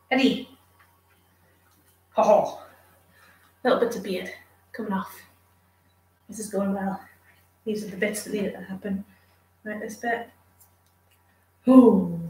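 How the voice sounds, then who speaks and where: A woman's voice: mid-range voice, slow pace, pauses often, darkish tone, far from the mic. Chatty woman, roomy and off-mic. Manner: chatty, coos baby talk to the dog. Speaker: streamer grooming her dog. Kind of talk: casual live chat with viewers.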